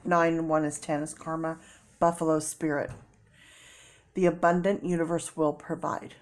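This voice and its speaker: A tearful middle-aged woman talks through a tarot reading in a slightly low voice. She thinks aloud and breaks into soft exclamations as the cards come up. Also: level tone, moderate pace. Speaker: tarot reader. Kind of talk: casual tarot reading to camera.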